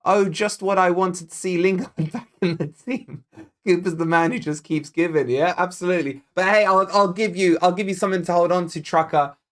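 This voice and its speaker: A man's voice: high voice, steady tone, brisk, a bit bright. A man with a Scottish accent, born in Scotland, hosting a live football watch-along in a loose, jokey way and chatting back to viewer comments as he goes. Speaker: football fan channel host.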